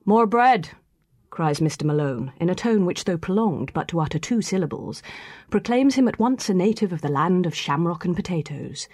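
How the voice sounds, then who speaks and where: A woman narrating a classic novel aloud in a measured, storytelling manner. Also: lowish voice, animated, warm tone, slightly rough, no echo, studio quality. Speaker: audiobook narrator. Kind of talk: scripted reading of a classic novel.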